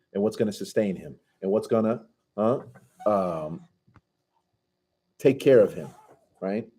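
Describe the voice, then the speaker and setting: A man's voice: lowish voice, dark tone, husky. A man teaching a conversational scripture commentary class, casually asking his students questions and reciting Arabic passages.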